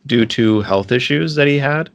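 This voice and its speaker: A man co-hosting a podcast, talking casually and haltingly, with frequent ums and restarts. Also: mid-range voice, gravelly. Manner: hesitant, lots of ums and restarts. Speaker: podcast co-host. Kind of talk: casual chat.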